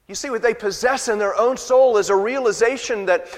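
A man delivers a sermon in a fairly high voice, his words trailing into the long reverb of a large hall. He swings between loud, emphatic preaching and hushed, low-voiced asides. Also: expressive, normal speed. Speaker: pastor.

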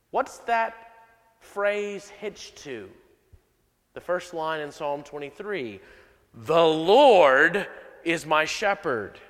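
A man preaching a sermon in a church, his voice pitched high for a man and his delivery unhurried. He leans on key phrases and repeats them slowly for emphasis. A long reverb trails each line, as though the sound carries through a large sanctuary. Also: fairly bright tone. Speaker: pastor.

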